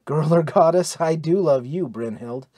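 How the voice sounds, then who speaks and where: Solemn American pilot hero voiced by a man, low and heavy, for an adventure audiobook. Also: moderate pace, warm tone, dry recording, clean studio sound, natural voice.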